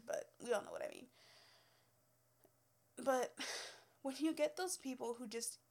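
A young woman, formerly a hairstylist, rants through work stories in a casual storytelling way. Her fairly high voice is blunt, profane, and exasperated, and she laughs often.

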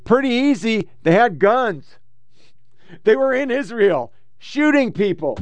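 A man's voice: extremely high pitch, sing-song, takes it slowly, pauses often, no room sound. A man hosting a political podcast, ranting with heavy profanity and reading posts aloud. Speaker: podcast host.

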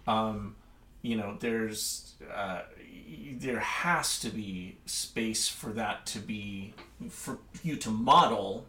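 Animated man talking in an echoey room. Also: lowish voice, takes it slowly. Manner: animated, many restarts and fillers, acts out quoted voices. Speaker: cello teacher. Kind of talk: casual chat between colleagues.

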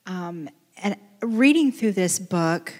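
Woman, onstage church interview, slow unhurried speech, hesitant, echoey hall. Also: on the low side, expressive. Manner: hesitant, thoughtful, with fillers. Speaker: pastor's wife, interviewee.

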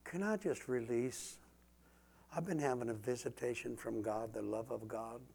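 Male preacher, gravelly, moves between hushed prayer and loud proclamation. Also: mid-range voice, normal speed. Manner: swings from whispered prayer to shouted declarations. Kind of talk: live sermon with prayer.

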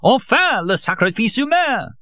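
A man voicing a hysterical, frenzied man who screams for a human sacrifice in a shrill voice. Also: huge pitch swings, unhurried, a bit bright, no room sound, studio quality, full character voice.

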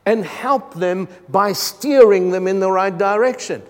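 A man's voice: high-pitched, unhurried. A man preaching a sermon as a pastor, asking his congregation for responses between points. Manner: preaching with call-and-response asides. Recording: long hall reverb.

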